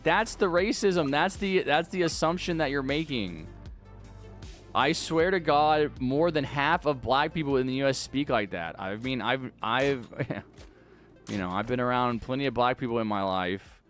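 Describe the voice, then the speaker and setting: A man's voice: mid-range voice, a bit bright. Young male streamer arguing with chat. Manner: casual, rambling, argues back at chat with many restarts. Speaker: game streamer. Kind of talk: live-stream chat while gaming.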